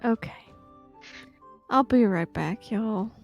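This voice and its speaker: A woman's voice: medium pitch, slow pace, vocal fry, faint music behind. A woman playing in a tabletop game, chatting in an easygoing, drawling way. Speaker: player. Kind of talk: casual game chat.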